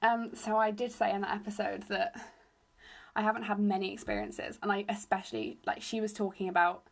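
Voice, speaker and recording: A young woman from England with a slightly raspy voice, hosting a solo podcast into her phone in a rambling, self-deprecating chat. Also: mid-range voice, brisk. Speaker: podcast host.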